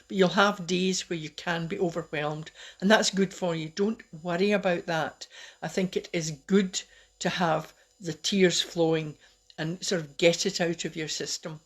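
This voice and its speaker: A middle-aged woman giving a casual, personal live talk as host, chatty and open, laughing at herself now and then. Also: fairly low pitch. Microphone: webcam or phone on a live stream.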